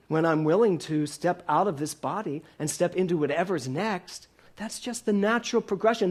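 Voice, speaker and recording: A high-pitched minister in his sixties preaches to a congregation in a church hall, asking them lots of questions and joking, sometimes laughing playfully.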